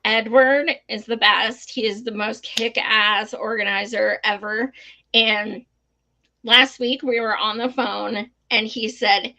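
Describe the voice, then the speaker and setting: A woman's voice: on the high side, fairly even intonation, slow pace, sharp tone, low-quality recording. A young adult woman co-hosting a political live stream, talking bluntly and profanely, laughing often. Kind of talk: casual livestream talk.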